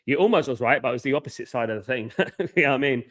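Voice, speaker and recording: Guy yelling passionately on his football stream, sharp bright voice, keeps repeating himself. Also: medium pitch, rapid-fire. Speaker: watchalong host. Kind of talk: live football watchalong chat.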